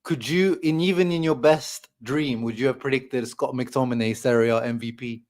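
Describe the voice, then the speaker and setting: A man hosting a casual football chat, relaxed and agreeable, mostly giving short replies. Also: mid-range voice, normal speed. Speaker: host.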